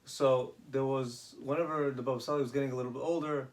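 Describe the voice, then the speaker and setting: A man casually retelling rabbinic stories, halting, with many restarts and Hebrew terms. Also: medium pitch, steady tone, a little mellow. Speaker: storyteller.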